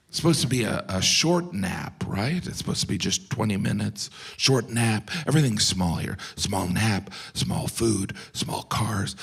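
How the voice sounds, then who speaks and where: A middle-aged American man doing a stand-up set, deadpan, slipping into silly voices for the people he quotes. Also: lowish voice, a little slow, creaky, hardly any pauses, a little hiss or hum. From United States. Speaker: stand-up comedian. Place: live comedy venue with audience.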